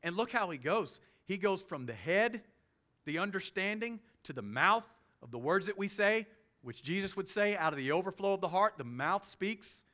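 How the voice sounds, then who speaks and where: Bright-voiced Southern preacher man. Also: sits high, normal speed. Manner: animated preaching, with sudden loud jokey voices and soft asides. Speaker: pastor. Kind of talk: sermon.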